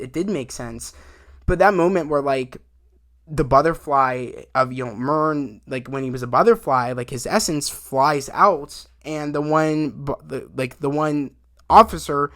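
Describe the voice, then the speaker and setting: A man casually recapping a TV episode in a rambling, excited way, full of fillers and quick asides. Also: a little high. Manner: rambling, animated retelling with many fillers and acted quotes. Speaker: video reviewer.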